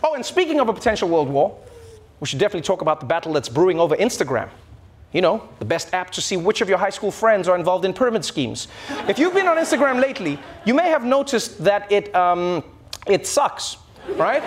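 A man delivering a comedy monologue as host, animated and mocking, slipping into shrill impressions. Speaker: late-night comedy host. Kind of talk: stand-up style monologue.

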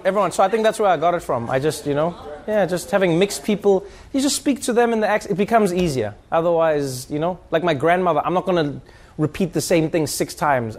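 A comedian with a fairly high voice answers audience questions in a live, stand-up style Q&A, telling animated stories, laughing as he talks, and slipping into impressions. Audience laughter and murmuring fill the hall.

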